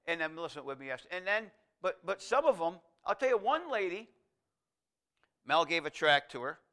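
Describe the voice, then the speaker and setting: Male pastor, sermon, folksy and rambling, high bright voice. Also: sing-song, a little fast. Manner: folksy, digressive, reads scripture aloud; shifts between quiet asides and loud emphatic lines.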